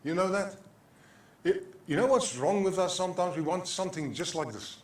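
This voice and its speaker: Older South African male pastor, fervent repeating sermon delivery, slightly high voice, roomy church sound. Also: lively intonation, moderate pace. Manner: impassioned preaching with repeated phrases, mixing in Afrikaans. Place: church sanctuary. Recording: echoey church hall.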